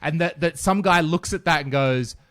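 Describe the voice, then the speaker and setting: A man's voice: fairly high pitch, fairly even intonation, brisk, a bit bright, dry recording, clean studio sound. A man with an Australian accent, co-hosting a podcast in casual chat, laid-back and swearing freely. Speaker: podcast co-host.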